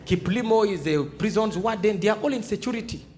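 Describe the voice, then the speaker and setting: A man's voice: high-pitched, a little fast, faint music behind. A man from Uganda with a Ugandan English accent, performing live stand-up comedy in a theatre and acting out dialogues. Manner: animated, acts out dialogues in shifting voices. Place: large theatre stage before a live audience.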